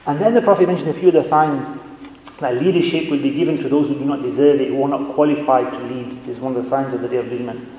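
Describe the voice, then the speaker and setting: A man giving a sermon as a guest speaker, telling stories in a chatty, animated way in a mosque hall. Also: medium pitch, fast talker. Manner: conversational, animated storytelling with asides. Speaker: guest speaker, religious scholar. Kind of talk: sermon with storytelling. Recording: echoey hall reverb.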